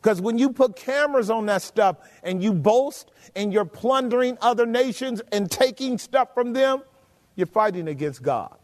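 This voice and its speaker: High-voiced emphatic preacher. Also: male voice, lively intonation, normal speed. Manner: emphatic, rhetorical questions to the congregation. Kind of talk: sermon. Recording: long hall reverb.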